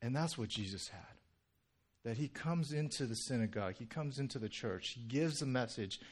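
A man's voice: mid-range voice, moderate pace, breathy edge. A young male pastor giving a casual, conversational sermon, full of "you know" and "right?", joking with the congregation. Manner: chatty and animated, heavy "you know" and "right?" fillers, jokes with congregation.

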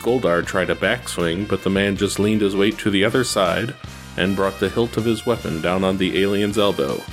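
A man reading an action story aloud in a steady, even narration. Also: low voice, moderate pace, faint music behind. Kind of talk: reading fan fiction aloud.

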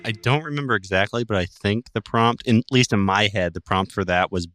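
A man co-hosting a podcast, talking casually with dry, deadpan jokes. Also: on the low side, a little fast. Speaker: podcast co-host. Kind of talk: casual chat.

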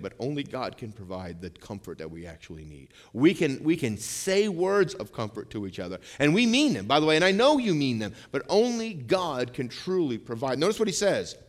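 A middle-aged man preaching to his congregation in a chatty style, full of asides and rhetorical questions, slowing and swelling when he reads scripture. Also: mid-range voice. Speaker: pastor. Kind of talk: sermon.

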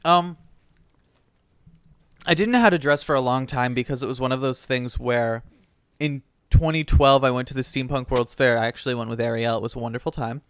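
A young man with a smooth, resonant voice at a mid pitch, co-hosting a casual podcast. He talks in a relaxed, easygoing way. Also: fairly quick, dry recording. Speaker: podcast co-host. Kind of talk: casual chat.

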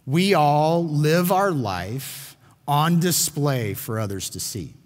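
A man's voice: on the high side, lively intonation, slow pace, big-room sound. A man teaching a sermon on a Bible passage, earnest and emphatic, often restarting his phrases. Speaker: pastor.

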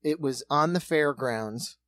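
A man's voice: medium pitch, fairly bright tone, no echo. Man riffing in a dry close recording. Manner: riffing, jokey, quick bits and profanity. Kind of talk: casual comedic chat.

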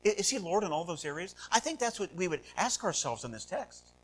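A male pastor preaching a sermon, asking rhetorical questions and swinging between loud, animated passages and hushed ones. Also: sits high, fairly quick, low-quality recording. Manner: rhetorical questions, repeats words.

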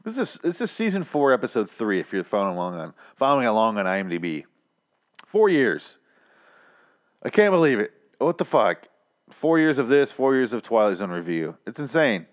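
A man's voice: medium pitch, sing-song, normal speed. A young man hosting a podcast, ranting in a profane, exasperated way while reviewing a TV episode, tired and achy after some whiskey. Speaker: podcast host.

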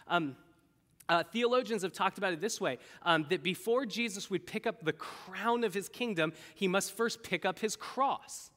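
A man preaching a sermon to his congregation, animated and acting out the voices he quotes. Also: high-pitched, moderate pace. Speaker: pastor. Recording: echoey hall.

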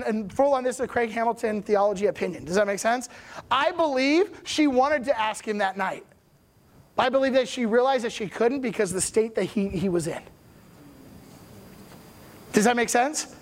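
A man preaching a sermon in a casual, animated storytelling way, often checking in with his listeners. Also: very high-pitched.

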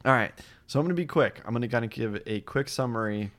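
Brief: male podcast host, mid-pitched, casual and upbeat, laughs easily, talks in loose rambling runs. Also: animated, fast, fairly bright tone.

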